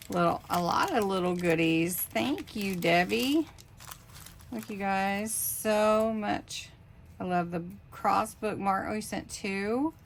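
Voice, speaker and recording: A woman hosting a craft channel, casually opening mailed craft cards and thanking senders with warm, gushing praise. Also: mid-range voice, a little hiss or hum.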